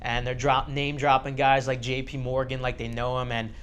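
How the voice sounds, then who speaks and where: A man hosting a casual video who tells a story in an animated way, full of fillers. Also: medium pitch, fairly quick, a little hiss or hum. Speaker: host.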